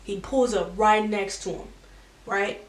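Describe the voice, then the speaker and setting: A young adult woman tells a personal story in a loose, chatty vlog style, leaning on "like" and restarting her sentences. Her voice sits at a middle pitch. She is recorded from a few feet away, in a room that gives it a noticeable echo. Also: fairly even intonation, unhurried, distant mic. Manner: chatty, many "like" fillers and restarts. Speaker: vlogger. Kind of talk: casual storytime. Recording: roomy echo, from the mic.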